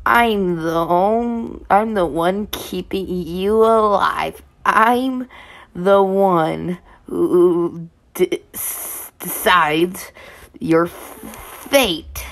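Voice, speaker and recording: A woman voicing a possessive, menacing young male killer who taunts in slow growls and hushed whispers. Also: high voice, vocal fry, heavily acted.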